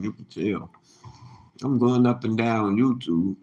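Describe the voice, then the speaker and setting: A man's voice: on the low side, measured pace, highs cut off. A man giving a blunt, profane, preachy rant to his viewers, in a noisy recording. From United States. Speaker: self-described teacher. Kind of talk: casual ranting monologue.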